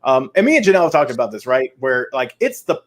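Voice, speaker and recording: A man's voice: medium pitch, sing-song, quick pace. A man co-hosting a pop-culture podcast, giving strong opinions and repeating phrases for emphasis. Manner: emphatic, repeats himself for stress. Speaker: podcast co-host. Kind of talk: casual pop-culture chat.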